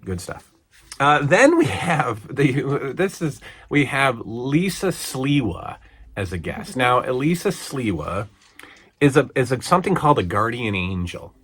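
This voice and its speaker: A man's voice: mid-range voice, expressive, a little slow, a bit bright, breathy edge. A man in his forties casually reviewing an old wrestling broadcast, rambling and chatty with lots of fillers and restarts. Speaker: podcast host reviewing old wrestling shows.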